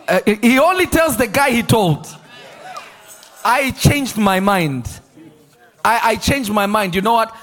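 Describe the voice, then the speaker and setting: A man preaching a lively sermon in a church, shouting and acting out voices. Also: high voice. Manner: animated, shouting and acting out quotes, laughing.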